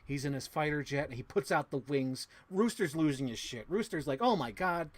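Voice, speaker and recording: A man with a slightly high voice recaps a movie with boyish excitement, cursing freely and humming the music between beats. He sounds close to the mic in a dry, deadened space. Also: a little fast, no room sound. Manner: excitable, swears a lot, hums sound effects. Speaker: podcast host. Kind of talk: animated movie recap to a co-host.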